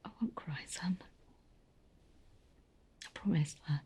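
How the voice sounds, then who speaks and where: A tender, hushed grieving mother. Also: medium pitch, big pitch swings, husky. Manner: soft, hushed, often whispering, halting. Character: grieving middle-aged mother, tender and gentle. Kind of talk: film drama monologue.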